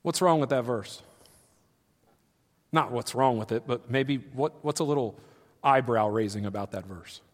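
A man preaching a sermon as pastor, shifting from quiet explanation to loud, animated retellings. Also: mid-range voice, a little slow, pauses often, big-room sound. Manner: swings from quiet teaching to loud, animated acted-out quotes.

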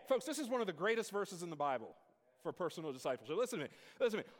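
Pastor preaching, really high voice, calls out to the church and builds up to shouts, big echoey sanctuary. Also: male voice, very animated, rapid-fire. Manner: preaching with call-and-response, rising to shouts. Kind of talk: sermon. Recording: long hall reverb in a church.

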